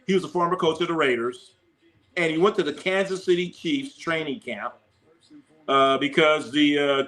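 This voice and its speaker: Bright-voiced excitable sports stream host. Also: male voice, fairly high pitch. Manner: excitable, banters with chat, repeats himself. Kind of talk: live-stream sports talk.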